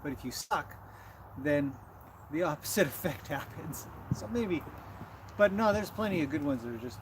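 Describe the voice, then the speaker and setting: A man's voice: on the high side, lively intonation, normal speed, background noise. A man hosting a casual livestream outdoors beside a horse, chatting loosely and talking to his animals between thoughts. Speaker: horse trainer livestream host.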